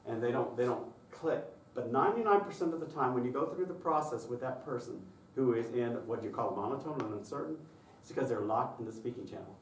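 Man workshop leader, animated delivery, distant mic in a roomy hall. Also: mid-range voice, fast, a little hiss or hum. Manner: lively, demonstrative, acts out voices. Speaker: choral music clinician. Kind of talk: conference workshop presentation. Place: conference session room. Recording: echoey room from far off.

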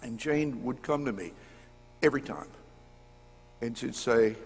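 A middle-aged male preacher delivers a storytelling sermon with a husky edge to his voice. His words ring out through a church sanctuary with a long, lingering reverb. He pushes up into emphatic peaks and then sinks low, repeating words for weight. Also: unhurried, pauses often, darkish tone, faint music behind.

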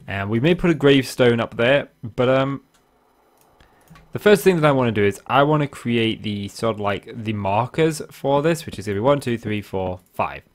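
With a medium-pitched, expressive voice and a moderate pace, this young man gives casual commentary on his Minecraft let's play. He's talkative and rambling, tossing in fillers and asides, while faint guitar music plays in the background.

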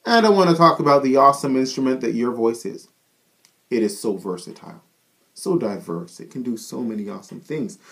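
With a mid-range voice, a man gives an upbeat singing lesson explaining chest-voice warm-ups. He keeps checking in with "all right?".

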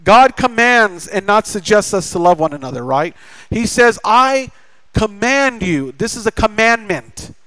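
Delivering a sermon in a church sanctuary, a middle-aged pastor speaks at normal speed in a high-pitched, fairly bright voice with lively intonation. He acts out dialogue in a family story, joking and chatting with the congregation. The recording is dry and rough.

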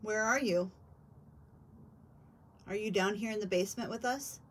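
A woman investigating a haunted house, asking the spirits slow, patient and coaxing questions from a basement. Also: medium pitch, slight background noise. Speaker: paranormal investigator. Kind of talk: questioning spirits in a ghost hunt.

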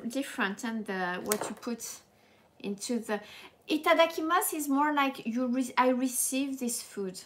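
A woman with a French accent teaching a live language lesson in a playful, animated way, laughing often and slipping into French. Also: fairly high pitch.

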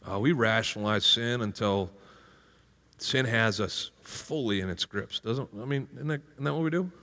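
A middle-aged man preaching a sermon with lively, comic acted-out stories, jumping into playful character voices. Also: medium pitch, moderate pace. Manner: animated, jumps into playful character voices and exclamations. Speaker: pastor. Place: large church hall. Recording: live sermon with long hall reverb.

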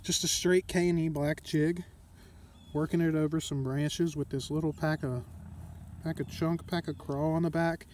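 A young man from Ohio narrating his fishing trip outdoors in an excitable, casual vlog manner, talking to viewers as he fishes. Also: fairly high pitch, normal speed, slight background noise. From Ohio, USA. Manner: excitable, talks to himself and viewers, frequent exclamations. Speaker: fishing vlogger. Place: outdoors by a pond.

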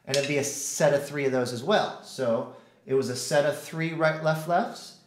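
A man's voice: a little high, moderate pace, roomy sound, slight background noise. A man teaching drums in a casual way, counting out stickings and humming rhythms. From United States. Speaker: drum teacher. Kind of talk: casual instructional talk.

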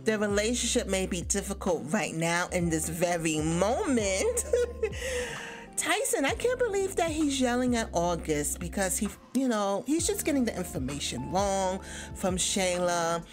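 An animated woman commenting casually on her game, her pitch rising and falling freely. She chats and laughs as she plays, with faint music in the background. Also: a little slow. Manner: chatty, animated, laughs often. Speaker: gaming YouTuber. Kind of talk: casual let's play commentary.

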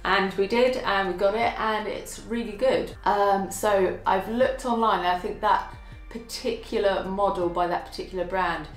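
A woman chatting casually to camera about things she found for her home, self-deprecating and quick to laugh. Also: medium pitch, fairly even intonation, roomy sound, soft background music. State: out of breath from lifting. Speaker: vlogger showing a home haul. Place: at home, indoors.

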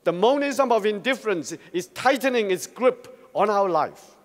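A man giving a formal, prepared address to a Christian congress, speaking in a measured, earnest and rhetorical way. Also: high voice, lively intonation. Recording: long reverb of a large hall.

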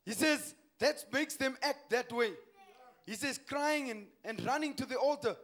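A man preaching a sermon in a church, swinging between hushed asides and shouted, impassioned lines and calling out questions to the congregation. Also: extremely high pitch, unhurried. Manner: calls to the congregation with repeated questions.

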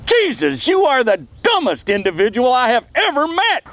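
Guy doing a squeaky high loudmouth sheriff, bright and bouncy. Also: sing-song, normal speed, slight background noise, exaggerated voice, poor audio. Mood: exasperated. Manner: brash folksy drawl, calls over the radio. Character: blustering, impatient small-town sheriff. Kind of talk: comedic film acting.

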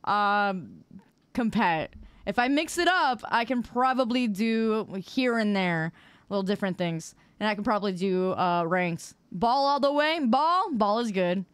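A woman's voice: on the high side, clear, resonant tone, no echo. Sassy, playful woman streamer. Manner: playful, sassy, mock-indignant back-and-forth with chat. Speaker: live streamer. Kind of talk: casual live-stream chat with viewers while gaming.

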